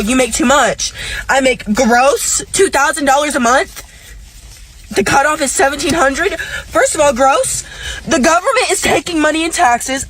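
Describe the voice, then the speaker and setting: A woman's voice: high-pitched, rough recording. A young woman in a frustrated casual rant, swearing and saying "like" a lot. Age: young adult. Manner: frustrated, swearing, many fillers. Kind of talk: angry casual rant video.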